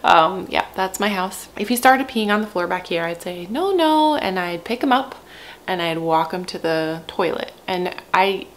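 A woman's voice: lowish voice, steady tone, moderate pace, few pauses, fairly bright tone, a little hiss or hum. A young woman, a mother of three, chatting frankly to camera at home and laughing often. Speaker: parenting vlogger, mother of three. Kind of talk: casual chat to camera.

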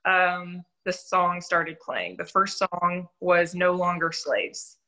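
A young adult woman shares her faith testimony in an interview, telling her story candidly and earnestly with some self-deprecating humor. Her voice is lowish, level, slow, bright and forceful, and the recording quality is low.

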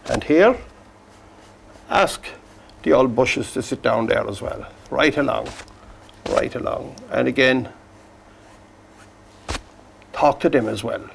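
A man teaching a painting demonstration, gently coaxing the brushstrokes as if talking to the paint. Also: mid-range voice, slow, creaky, long pauses, a little hiss or hum. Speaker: painting instructor.

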